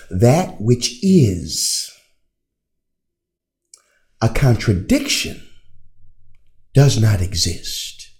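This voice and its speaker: A man's voice: medium pitch, a little mellow. A man teaching theology in a classroom style, putting rhetorical questions to his listeners and answering them himself. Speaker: religion teacher.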